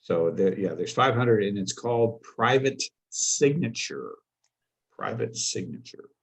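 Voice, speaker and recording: A man on a collectors' panel, speaking in halting sentences full of restarts. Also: on the low side, animated, creaky, husky, poor audio. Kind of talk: casual panel chat.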